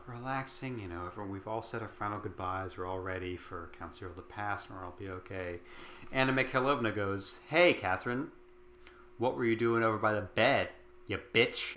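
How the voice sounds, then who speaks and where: In a room with noticeable echo, a tipsy male host with a lowish, sharp-toned voice casually recaps a book. He rambles, leaning heavily on fillers and swearing.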